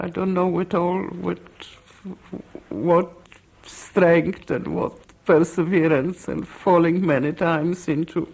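An older woman from Poland, giving oral history testimony in an interview, speaking in a slow, halting, reflective way. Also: low-pitched, gravelly, darkish tone, breathy edge. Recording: dull lo-fi recording.

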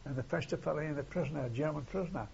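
Gravelly old man recalling wartime. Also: on the high side, racing, darkish tone. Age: older. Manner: rambling, tags "see?" and retells dialogue. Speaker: war veteran interviewee. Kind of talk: oral history interview. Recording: dull lo-fi archive tape.

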